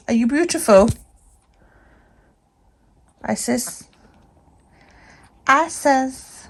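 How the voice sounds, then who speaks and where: A woman's voice: medium pitch, animated, moderate pace. A woman chatting casually in a home vlog, swearing freely and talking to her dog. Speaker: vlogger.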